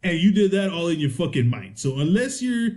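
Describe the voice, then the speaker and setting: Swearing animated man telling a story. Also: a little high, fairly quick. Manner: animated, swears constantly, acts out exchanges. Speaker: podcast co-host. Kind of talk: casual profane storytelling.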